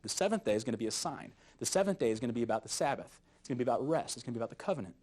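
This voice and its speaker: A man teaching a youth Bible study lesson in a jokey, animated way, often chuckling at his own jokes. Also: medium pitch, rapid-fire.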